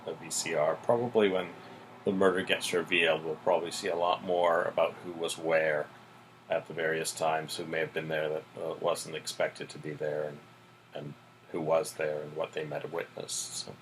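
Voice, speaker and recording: A man's voice: very deep voice, normal speed, slight background noise, low-quality recording. A man co-hosting a podcast, casually recapping TV episodes and filling in with "mm-hmm". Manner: relaxed, plot-summarizing, frequent "mm-hmm" and "so". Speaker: podcast co-host.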